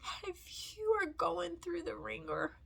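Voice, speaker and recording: A woman's voice: very high voice, sing-song, a little slow, creaky, fairly bright tone. A woman in her thirties telling a heartfelt story to her vlog viewers while crying, rambling emotionally and talking straight to them. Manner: emotional, rambling, addresses viewers as "you guys". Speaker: family vlogger.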